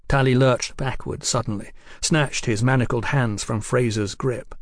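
A man narrating an audiobook in an expressive storytelling manner. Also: mid-range voice, moderate pace, few pauses, no echo, clean studio sound. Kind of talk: scripted narration.

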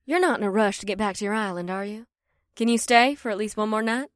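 A woman's voice: medium pitch, fast, dry recording, studio quality, close to an everyday voice. A woman voicing a commanding rhino-woman queen mother in an audiobook, with a bombastic, declaring manner. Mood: warm. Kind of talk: audiobook character voice.

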